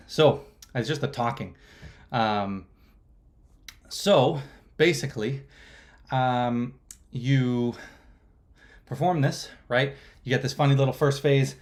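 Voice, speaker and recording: A man's voice: medium pitch, measured pace, pauses often. Chatty young man hosting a livestream. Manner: rambling, chatty, many fillers and restarts. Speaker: magic livestream host. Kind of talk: casual live-stream chat.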